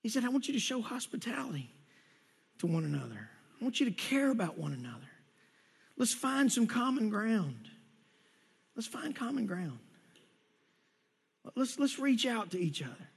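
A man's voice: very high-pitched, big pitch swings, normal speed, vocal fry, pauses often, slightly rough. A male pastor giving a conversational sermon to his congregation, often repeating words as he goes. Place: church sanctuary.

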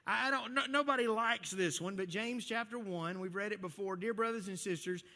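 A man preaching a sermon as pastor, in an animated, conversational way with frequent restarts, speaking to a church congregation. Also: sits high, brisk, in a large hall. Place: church hall with a live congregation.

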